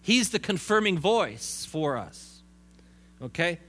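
A man's voice: high-pitched, sing-song, slow, a bit bright, breathy edge. A man preaching a sermon in a conversational way, with restarts and joking asides. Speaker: pastor.

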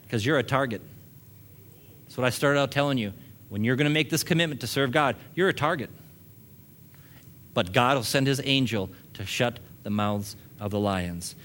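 A man's voice: mid-range voice, fairly bright tone. Male pastor, mid-range voice, sermon delivery with rising emphasis and easy asides.

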